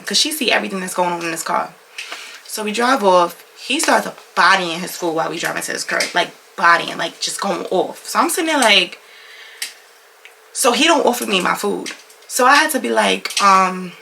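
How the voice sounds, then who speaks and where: A young woman vlogger telling a story in a casual, animated, slangy way, swearing freely. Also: mid-range voice, fairly quick, gravelly, background noise.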